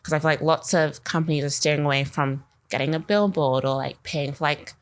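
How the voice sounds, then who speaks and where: Low-voiced young woman, chatty and rambling. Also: steady tone, brisk. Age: young adult. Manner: chatty, rambling, uses "like" constantly. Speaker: marketing podcast co-host. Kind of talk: casual chat.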